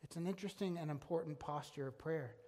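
A man's voice: fairly high pitch, fast talker, a little mellow. A man preaching a sermon as a pastor, earnest and emphatic, often restarting his phrases. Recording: long hall reverb.

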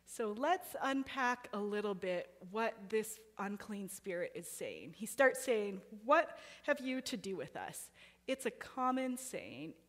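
A woman's voice: mid-range voice, sing-song, slow, fairly bright tone. Woman preaching in a reverberant hall. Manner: conversational, asks the listeners questions. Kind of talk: sermon.

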